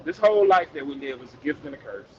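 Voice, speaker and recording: A man's voice: a little high, lively intonation, fast, highs cut off, crowd noise. A man co-hosting a casual podcast, laid-back and rambling, often restarting his sentences. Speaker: podcast co-host. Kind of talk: casual chat.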